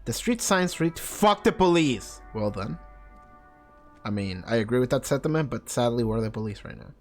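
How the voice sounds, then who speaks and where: A man's voice: mid-range voice, expressive, a little fast, darkish tone, faint music behind. A man streaming a video game, giggling and reading the on-screen text aloud in casual commentary. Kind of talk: casual let's-play commentary.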